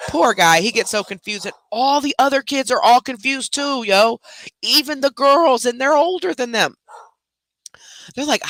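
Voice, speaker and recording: A woman talks in a casual, animated storytelling chat. Her voice is bright and forceful and close, with a dry sound and no room echo. She swears freely and lets her words run loose. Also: high-pitched, normal speed. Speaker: host telling a family story.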